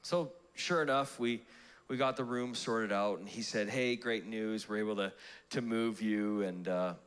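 A man's voice: fairly low pitch, a little slow, a bit bright, smooth. A pastor preaching a sermon, telling a personal story in a conversational way, laughing at himself and restarting his sentences. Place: church auditorium.

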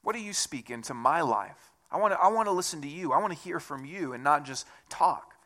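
A pastor with a high, bright voice preaches loosely and conversationally to his congregation, fairly quickly. He makes self-deprecating jokes, and his tone is lively and clear.

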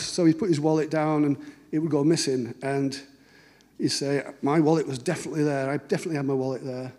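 A middle-aged man tells stories in a relaxed, anecdotal way. His voice sits a little high but has a dark, mellow tone. He slips into the voices of the people he quotes. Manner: conversational, anecdotal, acts out dialogue. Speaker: cartoonist giving a talk. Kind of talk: storytelling talk.

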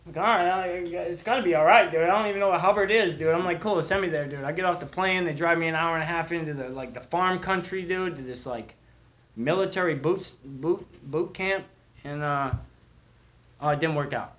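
Young Boston man, rambling profane storyteller, slightly high voice, dull lo-fi recording. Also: a little fast, fairly bright tone. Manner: rambling, profane, fillers of "dude" and "like". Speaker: speaker sharing recovery story. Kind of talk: storytelling to a live audience.

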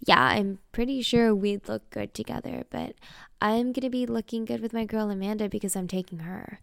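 An easygoing teenage jock who sweet-talks in a relaxed way, read by a woman in her own gravelly voice. The sound is dry and close. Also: mid-range voice, moderate pace, no echo, natural voice. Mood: laid-back. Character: high school jock boy, easygoing and smooth.

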